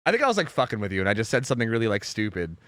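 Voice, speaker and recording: Young man, streamer, casual rambling chat, swears freely, very animated pitch. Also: very fast, dry recording, clean studio sound.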